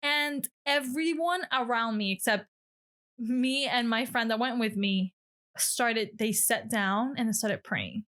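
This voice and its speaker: Animated woman telling a story. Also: a little high, slow pace. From Miami area. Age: late 20s. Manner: animated storytelling, emotional, many fillers and restarts. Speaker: guest lifestyle blogger. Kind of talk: casual chat.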